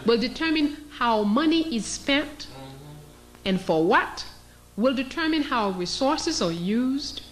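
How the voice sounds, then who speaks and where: On a low-quality recording, a woman gives an impassioned public lecture, emphatic and slow, acting out scenes and posing rhetorical questions. Her voice is high-pitched and animated.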